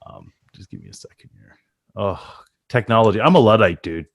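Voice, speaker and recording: Excitable man hosting, lively pitch. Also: brisk. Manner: excitable, laughs a lot, self-deprecating. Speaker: host. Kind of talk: casual interview chat.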